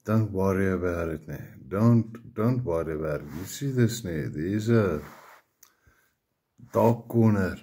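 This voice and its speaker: A South African man rambles through a casual video message at an unhurried pace. His voice is deep, dark and somewhat husky, and he tacks a tag onto nearly every sentence. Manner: rambling, repeats the tag "ne" often, swears casually. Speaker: video maker addressing a fellow YouTuber.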